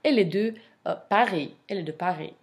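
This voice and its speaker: A woman teaching a French lesson, explaining slowly with fillers and modelling pronunciation. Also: mid-range voice. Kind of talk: language lesson.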